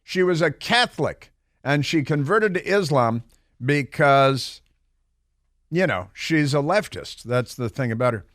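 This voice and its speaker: Unhurried and expressive, a middle-aged talk radio host speaks in a fairly high, fairly bright voice with no echo, captured on a studio microphone. His opinionated monologue rambles and mocks, packed with fillers and asides.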